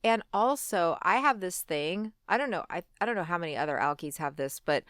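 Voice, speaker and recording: Woman, 40s, low pitch, smooth voice, candid storytelling, chatty fillers, dry close recording. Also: animated, fairly quick, no room sound. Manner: conversational, fillers like "like" and "you know", acts out her own past lines; drops quiet and low when recalling regret. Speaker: guest.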